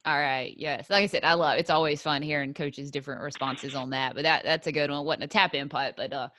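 Low-voiced bright podcast host. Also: female voice, steady tone, a little fast, slight background noise. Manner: chatty, many fillers. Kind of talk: casual interview chat.

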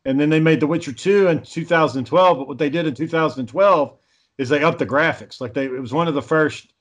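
Here's a man with a drawl, pitched a bit above most men's, rattling off rambling, foul-mouthed stories. It sounds like loose, casual banter among friends. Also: fairly quick. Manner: profane, animated storyteller.

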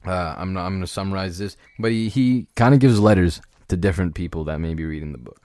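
A man hosting a solo podcast, talking casually and haltingly about a book, often restarting and laughing. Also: low voice, darkish tone, no echo. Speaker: podcast host reviewing a book.

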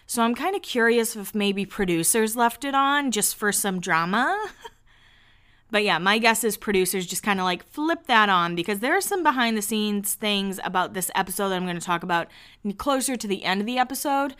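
Smooth-voiced woman podcaster, chatty casual recap, lots of "like". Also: medium pitch, lively intonation, moderate pace, a bit bright. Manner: chatty, peppered with "like", acts out quotes. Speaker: podcast host recapping a reality show.

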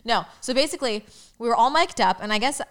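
A woman's voice: fairly high pitch, lively intonation, clean tone. A young woman co-hosting a podcast, telling stories in casual, chatty talk. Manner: fast, chatty storytelling. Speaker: podcast co-host. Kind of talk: casual chat.

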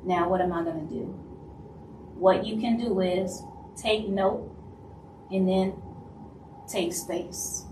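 A woman from Louisiana with a Louisiana Southern accent, hosting a live stream in casual talk and acting out other people's lines in quick asides. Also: medium pitch, steady tone, noisy background. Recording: roomy echo, voice from a distance, faint ambience.

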